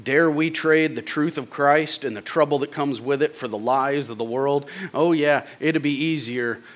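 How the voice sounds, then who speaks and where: A man preaching a sermon who swings from loud exclamations to hushed lines and drops in folksy, joking asides. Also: mid-range voice, fairly even intonation, moderate pace.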